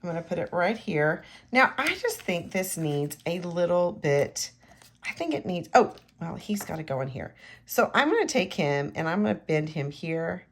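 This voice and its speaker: A woman with a low, gravelly voice walks the viewer through a card-making tutorial. She keeps up a chatty, personal commentary as she works with her hands. Her voice sometimes sinks to a hushed near-whisper. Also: very animated, moderate pace. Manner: chatty, talks straight to the viewer, often drops to a near-whisper while working. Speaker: craft demonstrator.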